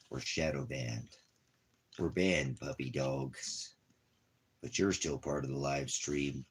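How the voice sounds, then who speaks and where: A man's voice: a bass voice, breathy edge. A man on a casual live stream, talking to his puppy in rambling, playful, affectionate baby talk.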